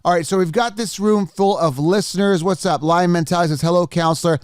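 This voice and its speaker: Energetic higher-voiced male podcast host. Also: a little fast, clean tone, dry recording, clean studio sound. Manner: energetic, repetitive, salesy. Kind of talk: casual podcast talk with ad reads. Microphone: studio microphone.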